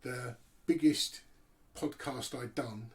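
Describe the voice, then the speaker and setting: A man's voice: medium pitch, takes it slowly. A man hosting an interview podcast, asking plainspoken questions. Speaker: podcast host. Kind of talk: casual interview. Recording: distant from the mic.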